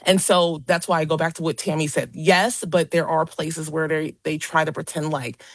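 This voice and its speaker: A woman who investigates paranormal sites, a guest on a radio talk show, answering in an animated, expressive way with some halting restarts. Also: deep voice, no echo. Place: Los Angeles.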